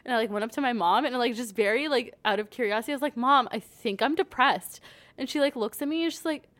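A woman's voice: fairly high pitch, racing. Chatty young woman, "like" every phrase. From Canada. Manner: chatty, says "like" constantly, acts out quoted dialogue. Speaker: podcast guest. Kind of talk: casual storytelling chat.

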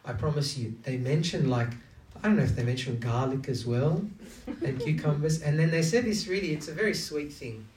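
Brisk and somewhat high-voiced, with a slightly mellow tone, this man delivers an engaging, conversational sermon full of rhetorical questions to the audience. Slight background noise is audible, and the echoey room and distant mic are noticeable.

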